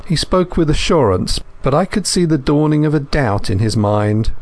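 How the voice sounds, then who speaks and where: A man reading a first-person thriller as an audiobook narrator, in a measured, steady manner. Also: a little high.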